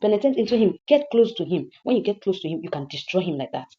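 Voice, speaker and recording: A woman's voice: lowish voice, very animated, fast talker, mellow, highs cut off. A woman with a Nigerian accent voicing a manipulative male friend who insistently urges revenge. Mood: urging. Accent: Nigerian English. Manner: urging, insistent. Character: manipulative male friend giving bad advice.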